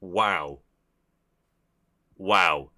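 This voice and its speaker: A man's voice: deep voice, extremely slow, pushed and bright. A young man from the English Midlands, with a Midlands accent, hosting a casual livestream and chatting to viewers in a rambling way, often swearing and restarting sentences. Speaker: livestream host.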